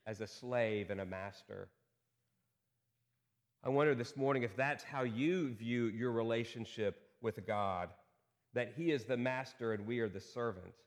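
A man's voice: medium pitch, in a large hall. A man preaching a sermon as pastor, often asking his congregation rhetorical questions. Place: church sanctuary.

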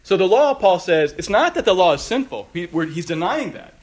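This preacher has a high, very animated voice and talks a little fast. He works through a text during his sermon, his voice lifting with emphasis whenever he quotes scripture.

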